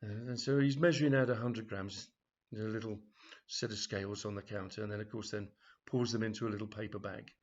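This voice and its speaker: A man's voice: lowish voice, steady tone, brisk. Rambling man telling a comic tale. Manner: rambling, with frequent fillers and "of course". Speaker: author reading his own comedy story. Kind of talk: storytelling, loose and conversational. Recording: dull lo-fi recording.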